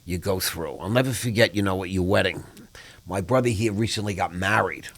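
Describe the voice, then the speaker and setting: Man, low voice, gravelly, casual storytelling host. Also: fairly quick, slight background noise. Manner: animated storyteller, acts out quoted voices. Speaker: podcast host.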